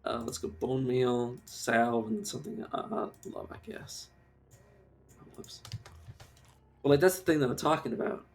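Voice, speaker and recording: A man's voice: medium pitch, lively intonation, unhurried, vocal fry, long pauses, slight background noise. A man streaming a game live, ranting casually with lots of swearing and filler words. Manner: rambling rant, swears, many fillers. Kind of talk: casual live-stream commentary while gaming.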